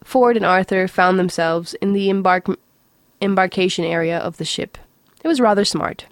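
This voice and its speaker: A woman reading a novel aloud in a steady, unhurried way, with the odd stumble. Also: medium pitch, no echo, studio quality. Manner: steady, unhurried storytelling with occasional slips. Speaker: reader.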